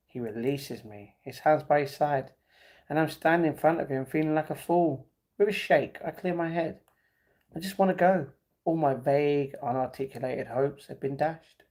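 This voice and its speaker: A man's voice: a little high, moderate pace, a little mellow. A man reading a novel aloud on a live stream, stumbling and correcting himself, with breaks where he laughs at the chat.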